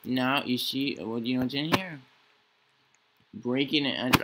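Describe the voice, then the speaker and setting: Playing a horror game, a young man who hosts a gaming channel talks to himself in a loose, joking way, acting scared for laughs. He has a mid-range voice and takes his time, leaving long pauses. The background is noisy.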